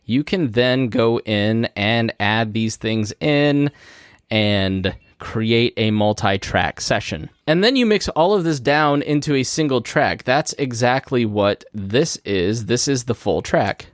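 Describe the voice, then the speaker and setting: A man's voice: mid-range voice, slow pace, dry recording. A man hosting a podcast, explaining a topic step by step in a casual, conversational way from his studio. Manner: conversational, walks through steps plainly. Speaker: podcast host. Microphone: studio microphone through a podcast mixing board.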